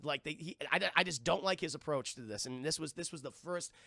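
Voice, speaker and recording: A man reviewing a film on a live stream to his chat, animated and profane, acting out scenes as he retells them. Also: fairly high pitch, fairly quick, vocal fry, no echo.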